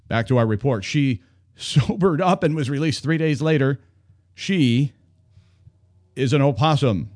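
Animated man hosting talk radio. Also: medium pitch, no room sound, clean studio sound. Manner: playful, self-mocking banter. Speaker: radio show host.

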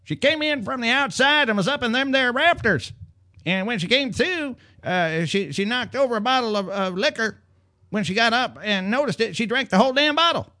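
A man putting on a high twangy old store owner. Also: lively intonation, moderate pace, pushed and bright, heavily acted. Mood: indignant.

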